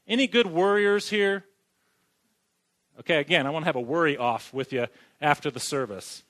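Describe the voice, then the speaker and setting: A man's voice: a little high, animated, normal speed, fairly bright tone. A man preaching a sermon in a church who keeps asking the congregation questions and joking as he goes. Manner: asks the congregation questions, jokes as he talks. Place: church sanctuary.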